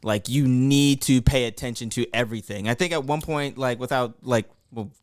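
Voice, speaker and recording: A man's voice: mid-range voice, normal speed, clean tone, no echo, studio quality. A man co-hosting a podcast in casual chat, joking and playful, with some swearing. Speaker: podcast co-host.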